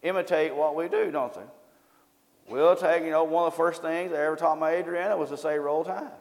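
A preacher with a drawl and a fairly high voice delivers a homespun sermon. He keeps turning to the congregation with questions. His voice carries a long reverb through a church hall. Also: fairly even intonation, brisk. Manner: folksy, asks the congregation questions.

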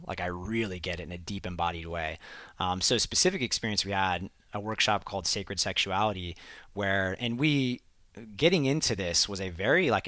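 Male podcast host, reflective and earnest, a little low, close dry mic. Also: sharp tone, no room sound. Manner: reflective, earnest, frequent fillers like "like" and "um". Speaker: podcast host telling a travel story. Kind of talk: casual conversational storytelling. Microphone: headphones and studio mic.

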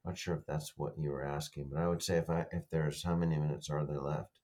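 A very low-pitched man in his fifties speaks from a call. He is earnest and halting, restarting sentences and repeating words as he searches for what to say. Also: little pitch movement, dark tone. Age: 50s. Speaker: guest survivor. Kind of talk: emotional interview talk. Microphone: video or phone call.

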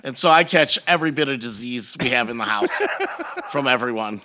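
A man's voice: medium pitch, fairly quick. A middle-aged man in casual chat, ranting and telling stories, with plenty of swearing. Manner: profane, animated ranting storytelling.

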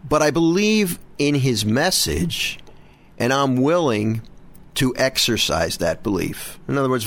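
Earnest animated male radio host. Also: medium pitch. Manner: earnest, animated, frequent restarts and repeated words. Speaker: host of a Catholic radio show. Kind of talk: prayer and casual show talk.

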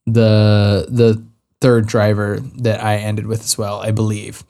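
Relaxed man chatting about a game. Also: fairly low pitch, slow. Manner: loose, conversational, frequent "like". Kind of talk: casual game discussion.

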